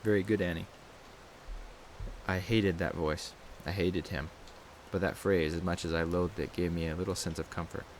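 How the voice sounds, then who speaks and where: A man with a very low, deep voice narrates a horror story in the first person, reading at a steady, measured pace. A faint hiss sits under the recording.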